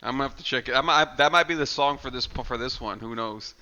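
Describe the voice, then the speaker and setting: A man's voice: medium pitch, fast talker, bright, forceful tone, muffled recording. A man co-hosting a casual horror movie podcast, swearing freely and acting out scenes in silly voices. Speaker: podcast co-host.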